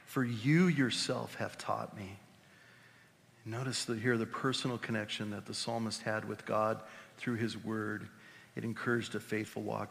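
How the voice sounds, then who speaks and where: A pastor preaching a conversational, animated sermon with exclamations. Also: male voice, fairly low pitch, vocal fry. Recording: reverberant hall.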